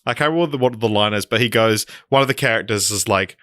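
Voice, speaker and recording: A man's voice: on the low side, rapid-fire, fairly bright tone, no room sound, clean studio sound. A young man co-hosting a podcast in casual chat, telling rambling stories with lots of laughter. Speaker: podcast co-host.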